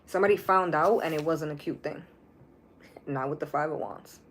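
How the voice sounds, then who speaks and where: A woman's voice: low voice, moderate pace, a little hiss or hum. Blunt, profane woman reading tarot. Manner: blunt, profane, animated, repeats phrases. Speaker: tarot reader. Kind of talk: casual live tarot reading.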